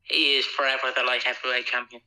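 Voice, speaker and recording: Bright-voiced man, animated. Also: medium pitch, fast, low-quality recording. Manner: animated, mimics people with silly voices. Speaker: podcast co-host. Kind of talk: casual chat.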